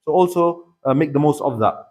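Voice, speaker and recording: In a mosque hall, a man with a British accent leads a religious workshop, earnestly urging his listeners and repeating points to drive them home. His voice sits on the high side, expressive and brisk, with a slightly dark tone.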